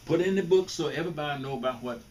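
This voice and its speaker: A man's voice: on the high side, racing, a little mellow. An older man from Mississippi, talking bluntly and informally to students, often restarting and repeating his words. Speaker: guest speaker. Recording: distant mic with faint background noise.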